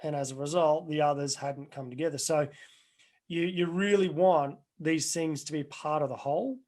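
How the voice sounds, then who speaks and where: Man, middle-aged, slightly high voice, earnest, rambling, coaching talk. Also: steady tone, moderate pace, a little mellow. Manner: earnest, rambling with restarts and anecdotes. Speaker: life coach. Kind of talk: webinar Q&A answers.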